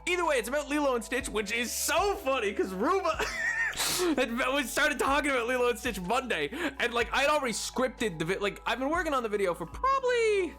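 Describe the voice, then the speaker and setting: A man streaming live, chatting casually in a rambling, excitable way full of fillers and restarts. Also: very high voice, brisk, faint music behind.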